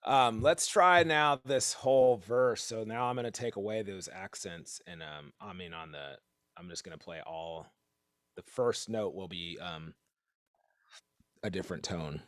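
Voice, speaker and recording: A man leading an online drum lesson, counting bars out loud and stopping to correct himself when he slips. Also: low-pitched, measured pace, no room sound. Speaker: drum teacher leading a group warm-up. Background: drumming.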